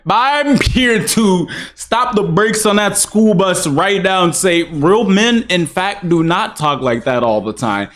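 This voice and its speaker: A man's voice: high voice, lively intonation, slow pace, few pauses, a bit bright. A young man hosting a reaction video, with blunt, rambling commentary and swearing.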